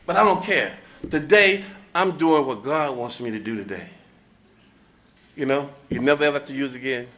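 Blunt, profane, bright-voiced man. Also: medium pitch, moderate pace, long pauses. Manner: blunt, profane and animated, laughing between lines. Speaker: recovering addict sharing at a meeting. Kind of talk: speaker share at a recovery meeting.

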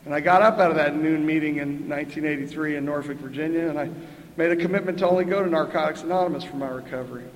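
A man's voice: on the high side, fast talker. An older man telling a wry, chatty story at a twelve-step recovery meeting, often tossing in "right?" and a laugh. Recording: echoey hall with faint ambience.

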